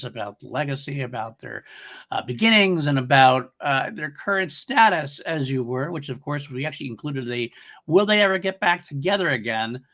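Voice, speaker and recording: A man's voice: mid-range voice, pushed and bright. A man co-hosting a casual podcast over a remote recording setup, chatty and rambling, laughing often between his points. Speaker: podcast co-host. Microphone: remote recording over an online studio.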